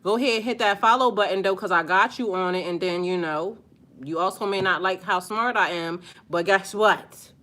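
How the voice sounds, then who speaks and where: A middle-aged woman with a bright, sharp voice, chatting on a live stream. She answers her viewers with blunt, sassy comebacks. When something sets her off, she gets much louder and higher. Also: fairly quick. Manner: sassy, blunt, talks back to commenters; rises loud and high when worked up. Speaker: spiritual live-stream host.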